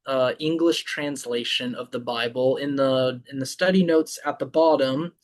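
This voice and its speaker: A man presenting a Bible study, speaking slowly and deliberately, with frequent ums and restarts. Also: medium pitch. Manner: halting, with many ums and restarts.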